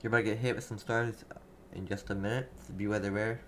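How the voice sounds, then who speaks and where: A young man hosting live storm coverage, reading out town after town and answering chat, halting and repeating himself. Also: lowish voice, fairly even intonation, a little hiss or hum. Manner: rapid town-by-town updates, halting and repetitive. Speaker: livestream weather host.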